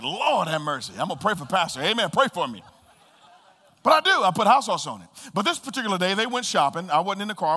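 A man preaching a sermon as pastor, swinging between loud bursts and hushed asides. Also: fairly high pitch. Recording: reverberant hall.

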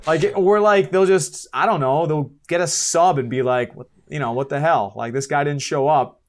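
A man's voice: fairly high pitch, moderate pace. A man in his twenties, a podcast guest, telling a story in casual chat, acting out quotes and laughing at himself. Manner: animated, acts out quotes, swears, laughs at himself.

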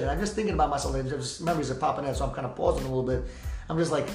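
Fast-talking emotional man, echoey room. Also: on the high side, creaky, darkish tone. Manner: fast, heartfelt, repetitive, swearing freely. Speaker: podcast host. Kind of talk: emotional personal monologue. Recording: echoey room with faint music.

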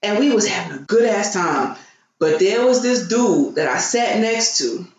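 A woman's voice: mid-range voice, lively intonation, normal speed. A woman telling a story in casual chat, blunt and profane, acting out the people she quotes. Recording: roomy with faint noise.

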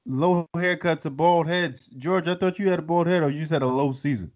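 A man's voice: fairly high pitch, fairly quick, dull audio. Playful man hosting a podcast. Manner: playful, teasing. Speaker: podcast host. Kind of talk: casual chat.

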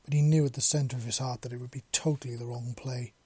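Guy reading a story, mellow husky voice, dry close sound. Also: mid-range voice, fairly even intonation, fast talker, dry recording. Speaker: narrator.

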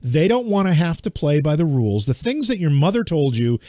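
A man's voice: fairly high pitch, big pitch swings, fairly quick, warm tone, no room sound, studio quality. A middle-aged man co-hosting a podcast in casual chat, emphatic and teasing, laughing often. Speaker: podcast co-host.

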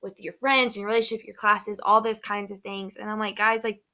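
A woman's voice: mid-range voice, little pitch movement, fairly quick, sharp tone. A young woman hosting a casual faith podcast, chatty and upbeat, saying "like" a lot. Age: young adult. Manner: chatty, heavy use of "like", upbeat. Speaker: podcast host.

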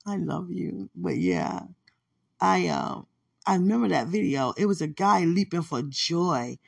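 A woman's voice: on the low side, sing-song, a little slow, gravelly, husky. A woman hosting a podcast, talking in a casual, teasing monologue and laughing often. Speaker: podcast host.

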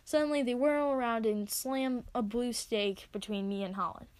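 A woman reading her own story aloud, expressive as she narrates. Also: fairly high pitch, normal speed. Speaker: reader.

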